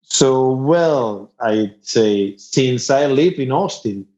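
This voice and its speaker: Spanish guy telling road stories on a podcast, lively, kinda muffled lo-fi audio. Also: mid-range voice, extremely slow. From Spain. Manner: animated, laughing storyteller. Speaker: musician guest. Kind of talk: casual storytelling interview. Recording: dull lo-fi sound.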